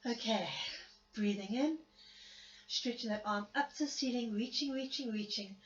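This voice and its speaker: A woman teaching a Pilates class after an illness, giving gentle step-by-step cues with a coughing spell now and then and some self-mocking laughter. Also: on the high side, normal speed, reverberant, muffled recording. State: recovering from illness, coughing at times. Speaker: Pilates instructor. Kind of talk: guided exercise class cueing.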